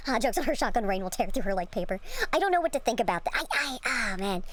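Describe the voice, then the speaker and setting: A woman streamer reading a spooky game's narration aloud, often cutting in with jokes and laughter. Her voice sits a little high and is very lively. Faint music plays behind her. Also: fast, hardly any pauses. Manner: animated, laughs often, joking asides. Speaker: gaming streamer. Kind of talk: reading a game aloud with reactions.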